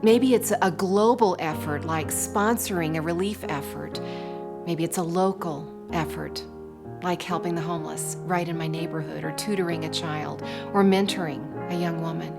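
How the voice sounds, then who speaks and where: A woman's voice: lowish voice, moderate pace, gravelly, over loud music. Older woman telling a devotional story. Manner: personal storytelling, warm and reflective. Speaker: speaker. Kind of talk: devotional talk.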